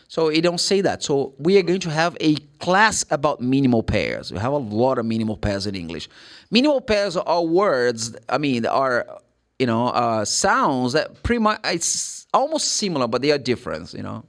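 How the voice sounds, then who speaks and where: A man's voice: mid-range voice, sing-song, normal speed, a bit bright. A Brazilian man in his thirties, a native Portuguese speaker, giving a casual English pronunciation lesson and repeating each sound with rising emphasis. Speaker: English teacher.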